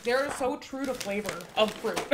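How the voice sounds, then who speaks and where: Young woman co-host, casual snack-tasting chat, slightly high pitch. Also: lively intonation, unhurried, noisy background. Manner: chatty, reads aloud then comments with laughs. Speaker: vlog co-host. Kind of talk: casual snack tasting chat, reading box descriptions aloud.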